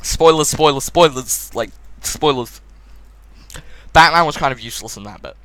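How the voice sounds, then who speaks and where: A man's voice: on the high side, moderate pace, fairly bright tone, smooth, dry recording. A man reviewing a film in casual chat. He is blunt and mocking, and he steers the discussion.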